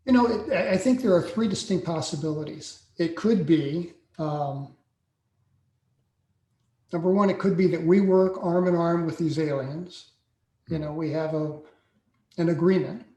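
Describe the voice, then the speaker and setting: A man in his sixties, a podcast guest telling a personal story slowly and deliberately, with frequent pauses. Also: fairly high pitch, warm tone. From United States. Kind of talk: personal account in a podcast interview. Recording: echoey room sound.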